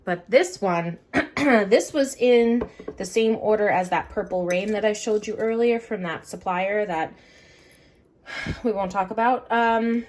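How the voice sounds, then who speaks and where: A woman's voice: mid-range voice, darkish tone, slight background noise. A woman whose voice is wearing thin chats her way through a casual tour of her home grow room. She rambles, circles back and fills the gaps with ums. She talks to a handheld camera she keeps moving around. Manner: chatty and rambling, with many fillers and self-corrections. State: losing her voice, clearing her throat. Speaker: orchid grower and vlogger. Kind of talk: casual show-and-tell vlog. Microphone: handheld camera moved around the room.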